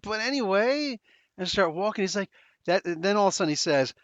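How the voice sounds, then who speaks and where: A podcast host with a New Jersey accent, rambling through an anecdote full of slang and restarts. His pitch bounces around a lot, sitting a bit high for a man. The sound is dry and somewhat dull, like a lo-fi home setup. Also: animated, brisk, fairly bright tone, no echo. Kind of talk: casual storytelling.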